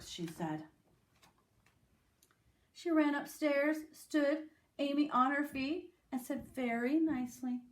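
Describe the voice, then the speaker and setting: A woman's voice: mid-range voice, takes it slowly, long pauses. A woman teacher reading a picture book aloud to young children, with small voices for the characters. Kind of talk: storybook read-aloud for children.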